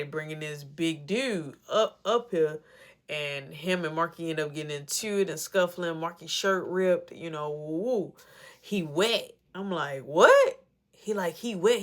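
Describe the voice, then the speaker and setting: Animated woman telling a story. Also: lowish voice. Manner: animated, acts out both sides of the dialogue; rambling retelling with many repeats of "I'm like". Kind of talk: casual storytime.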